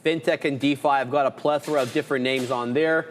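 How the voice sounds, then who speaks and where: A man's voice: medium pitch, fairly even intonation, fast talker, long reverb tail, a little hiss or hum. A man co-hosting a live trading show, chatting casually and rambling through lists with filler words. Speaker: trader and co-host. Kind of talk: casual live market chat.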